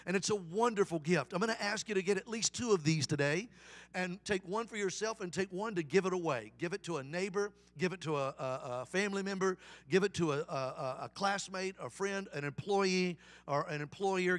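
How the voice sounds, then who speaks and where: A man's voice: sits high, fairly quick. A middle-aged man, a guest evangelist, preaching a folksy, humorous sermon. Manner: folksy, animated storyteller with humor.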